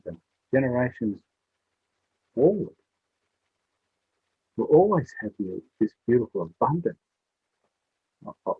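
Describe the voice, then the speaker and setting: Man, storyteller, earnest, heartfelt, husky voice, tinny phone-like sound. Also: lowish voice, no room sound. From Western Australia. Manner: earnest, heartfelt, repeats himself. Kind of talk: spoken storytelling to young people.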